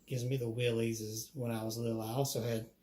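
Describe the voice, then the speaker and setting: A man's voice: medium pitch, little pitch movement, fairly quick, mellow. A man, telling ghost stories from his childhood in a chatty, casual way, laughing often. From Alabama. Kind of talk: casual storytelling.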